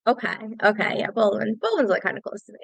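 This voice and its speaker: A woman comedian talking casually and teasingly as a podcast guest. Her voice has a gravelly, creaky edge. The sound is close and dry. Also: mid-range voice, very animated, fast, no echo. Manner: joking, playful, teasing.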